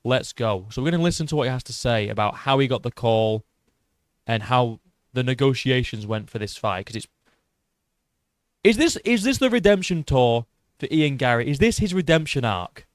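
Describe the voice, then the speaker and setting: A man hosting a casual commentary, excitable and profane, rambling with restarts. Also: mid-range voice, moderate pace, dry recording, studio quality. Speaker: host.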